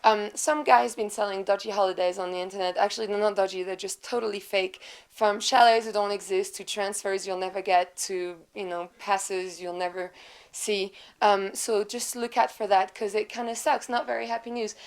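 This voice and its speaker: A woman's voice: medium pitch, steady tone, brisk. A woman from France hosting a ski show, presenting news and interviewing guests in a chatty, teasing way. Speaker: show host.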